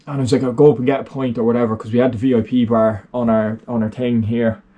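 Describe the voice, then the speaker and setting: A man's voice: mid-range voice, flat delivery, fast talker, mellow, lo-fi sound. Irish young man, rambling sweary vlog storyteller, unscripted. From Ireland. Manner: rambling, sweary, lots of fillers. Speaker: vlogger.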